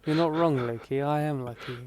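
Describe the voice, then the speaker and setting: A man's voice: a little high, a little fast, darkish tone. A man co-hosting a podcast, making dry, wry remarks in casual chat. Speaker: podcast co-host.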